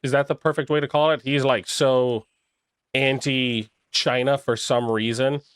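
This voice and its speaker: A man's voice: medium pitch, steady tone, measured pace, smooth, dry recording, clean studio sound. A young man chatting casually on a live stream, rambling and making crude jokes while reacting to chat. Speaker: livestreamer reading chat.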